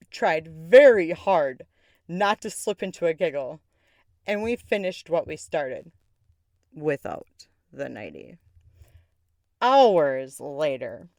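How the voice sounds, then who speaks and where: A woman hosting a podcast, telling a personal story in a candid way, swearing freely and jumping up in pitch for emphasis. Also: very animated, takes it slowly, long pauses, darkish tone, dry recording, studio quality. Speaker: podcast host. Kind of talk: casual storytelling.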